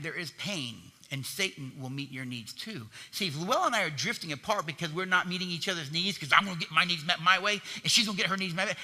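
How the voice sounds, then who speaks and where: A man preaches an animated sermon, punching key words and tossing questions to the congregation. His voice is high for a man and very bright and forceful. A long reverb from the church hall hangs behind him. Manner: animated, emphatic preaching with call-and-response questions. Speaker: pastor.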